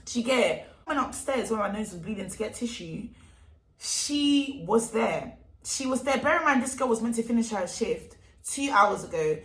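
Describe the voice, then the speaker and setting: A young woman telling a storytime vlog, animated and emphatic, full of street slang. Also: medium pitch, brisk, hardly any pauses. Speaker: vlogger. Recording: echoey room.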